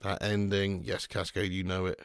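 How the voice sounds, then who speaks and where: Here a young host runs a live watch-along of a football match, answering viewers' comments in a casual way and erupting with excitement at the action. He speaks low at a moderate pace, with a clean, echo-free sound.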